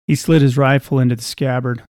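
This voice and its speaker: A man reading a scripted story aloud in a measured, even way. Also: medium pitch, no echo, studio quality.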